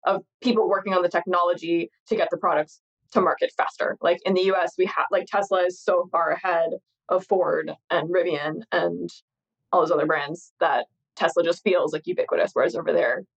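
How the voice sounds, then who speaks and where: A woman's voice: lowish voice, steady tone, brisk. Tired woman podcaster rambling on, laughs a lot, kinda dull lo-fi sound. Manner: chatty, rambling, laughs often. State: tired, jet-lagged. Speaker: podcast co-host. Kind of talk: casual chat.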